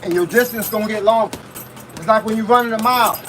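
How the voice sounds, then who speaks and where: Breathless, high-voiced boxing coach grunting through punches. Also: male voice, fast talker, a bit bright, slight background noise, low-quality recording. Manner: grunts with each punch between short spoken cues. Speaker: fitness coach. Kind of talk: live boxing workout coaching.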